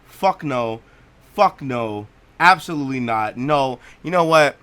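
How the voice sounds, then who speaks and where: Bright-voiced young man ranting at a game. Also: mid-range voice, lively intonation, measured pace, smooth. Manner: blunt, profane, repeats himself when ranting. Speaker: let's play host. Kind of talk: gameplay reaction rant.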